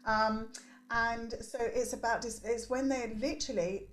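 A woman's voice: fairly high pitch, steady tone, a little slow, a little hiss or hum. A woman in her forties, a guest on a podcast, talking emphatically about her work with teenagers and often tagging her points with "right?". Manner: emphatic, preachy, tags "right?". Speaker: podcast guest, youth development coach. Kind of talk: animated interview talk.

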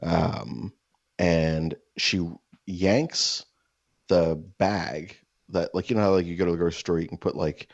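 Low-voiced man telling a rambling story. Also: steady tone, measured pace, vocal fry, no room sound. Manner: rambling, heavy "like" fillers; acts out quoted voices. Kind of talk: casual anecdote. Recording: dull, lo-fi dry sound.

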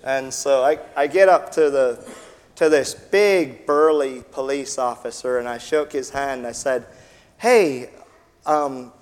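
A man from the United States, a missionary, telling a personal testimony with vivid sound effects and acted-out dialogue at a Sunday evening church gathering. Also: medium pitch. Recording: long reverb in a large hall.

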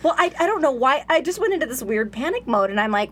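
A middle-aged woman spins a comedic tale in casual chat, her voice high and swooping with big leaps in pitch. She rushes along with fillers and restarts, acting out her own thoughts in quotes. Noise hums under the recording. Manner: animated, acts out her own inner voice in quotes; rambling with many fillers and restarts. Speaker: guest storyteller.

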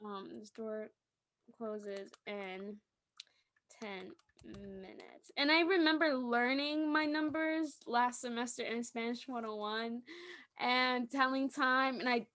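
A young woman co-hosting a podcast, chatting casually and telling animated stories with laughter. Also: fairly high pitch, slow pace, dry recording. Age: young adult. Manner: animated storytelling, acts out voices, laughs often. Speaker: podcast co-host. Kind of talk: casual chat.

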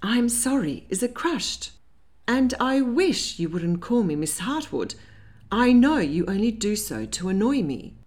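A woman's voice: fairly high pitch, big pitch swings, measured pace, darkish tone, pitched above the performer's own voice. A woman voicing a spirited, slightly tipsy young Regency lady who is easily flustered. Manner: flustered, indignant, a little giddy.

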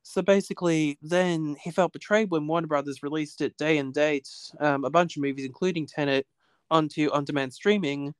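Man, fairly high smooth voice, rambling casual chat, lots of "basically", dry close sound. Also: steady tone, fairly quick, no echo. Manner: rambling, repeats "basically", restarts often. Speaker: podcast guest. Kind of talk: casual conversation. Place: home with cats.

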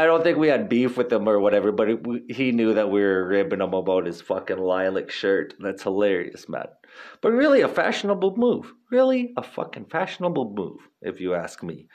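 A man in his thirties hosting a podcast, rambling casually in a laid-back, profane, slangy way with frequent laughs. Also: on the low side. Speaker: podcast host.

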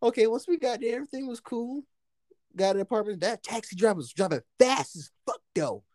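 A young man from the United States telling a story in casual chat, animated and profane, often laughing. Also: high-pitched, fairly quick, no echo, studio quality.

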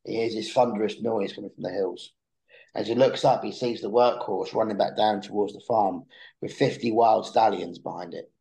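In a laid-back podcast conversation, a young man spins a lengthy, animated story, often repeating words to start sentences and restarting as he goes. He speaks at a moderate pace in a lowish voice with vocal fry, captured in rough audio.

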